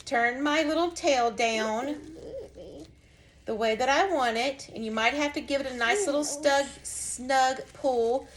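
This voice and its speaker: A woman's voice: high voice, measured pace. A woman giving a casual, folksy craft lesson, chatting to viewers as she demonstrates. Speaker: craft instructor.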